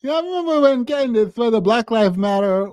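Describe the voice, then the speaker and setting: High-pitched guy rambling on his live stream, laughing a lot, super dry close mic. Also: lively intonation, a little mellow, dry recording. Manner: chatty, laughs often, dramatic pauses. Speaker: streamer and commentator. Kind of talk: casual live-stream commentary.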